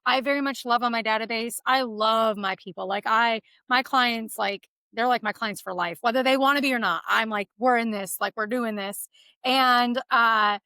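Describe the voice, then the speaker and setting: Chatty bright-voiced Texan woman. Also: a little high, steady tone, normal speed, few pauses, smooth, dry recording. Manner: chatty, enthusiastic, many fillers like "like". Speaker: real estate agent, guest. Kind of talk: casual podcast interview.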